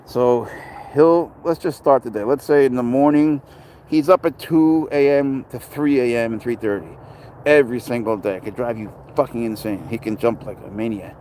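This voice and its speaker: A man's voice: mid-range voice, moderate pace, mellow, a little hiss or hum, poor audio. A man casually chatting on a livestream about his pet, rambling and blunt, swearing freely as he reads and answers comments outdoors.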